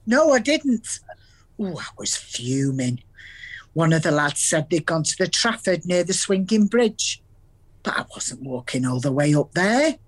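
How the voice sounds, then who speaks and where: A woman's voice: on the low side, very animated. An actress playing an older Salford grandmother with a Salford accent, who tells earthy stories from the past with plenty of laughs. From Salford, England. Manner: storytelling, earthy, quick to laugh. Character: warm chatty Salford grandmother with dementia.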